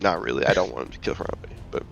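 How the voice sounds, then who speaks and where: A man's voice: extremely low pitch, expressive, racing, gravelly, a bit bright, lo-fi sound, soft background music. A man narrating as game master of a tabletop game, rambling casually with lots of fillers.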